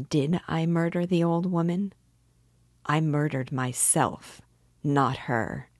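A woman's voice: sits low, gravelly, no echo, clean studio sound, heavily acted. A woman reading the part of a feverish, tormented young man in an intense confessional monologue, as an audiobook reading. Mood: anguished.

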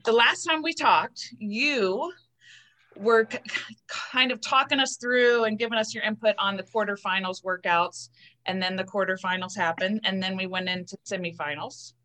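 A woman co-hosting a podcast, welcoming a guest and asking questions in a brisk, friendly way. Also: medium pitch, pushed and bright. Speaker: podcast co-host. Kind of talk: casual interview chat.

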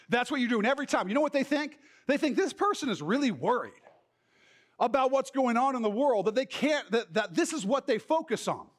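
A middle-aged man preaching a sermon as pastor, talking in a lively conversational way and slipping into mock voices. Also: high voice.

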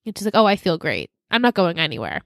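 A woman co-hosting a podcast, recapping episode scenes in casual chat and slipping quickly into characters' lines. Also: lowish voice, wildly swooping pitch, no room sound, studio quality. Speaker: podcast co-host.

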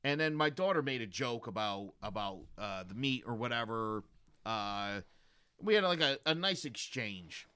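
A man in his thirties tells stories in a casual chat. His voice is bright and forceful, and his pitch swings widely. He keeps restarting his sentences, and the sound is dry and close. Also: normal speed, clean tone, dry recording. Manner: animated storytelling with frequent restarts.

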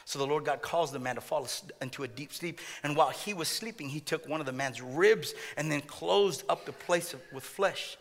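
High bright-voiced male pastor. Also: moderate pace, hardly any pauses, in a large hall. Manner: jokey, often repeats words, laughs at own jokes. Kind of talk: sermon.

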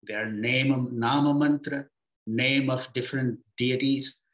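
A man in a mid-pitched voice gives an unhurried spiritual teaching. He explains patiently and lets his phrases sink low and quiet at their ends. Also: steady tone. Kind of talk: reflective spiritual talk.

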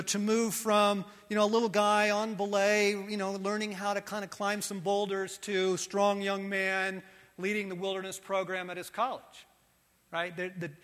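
Animated preacher man in a big hall. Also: high-pitched. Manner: animated, swinging from loud to soft and intimate. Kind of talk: sermon.

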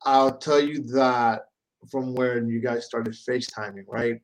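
A man hosting a casual interview, chatty and animated, often repeating words as he goes. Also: mid-range voice, measured pace, rough recording. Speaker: host.

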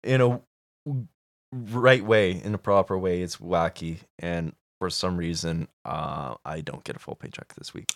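Young male co-host, low-pitched, dry close sound, profane animated ranting. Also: measured pace, no echo. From Canada. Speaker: podcast co-host. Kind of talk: casual chat.

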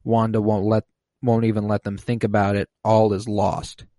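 A man on a casual podcast, recapping an episode and acting out quoted lines with sudden jumps in pitch. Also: little pitch movement, moderate pace, warm tone, no echo. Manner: recaps plot, acts out quoted lines in a raised voice.

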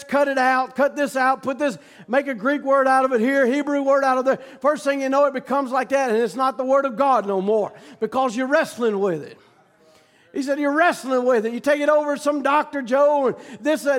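A man preaching a sermon, telling a story that builds into shouted preaching. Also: very high-pitched.

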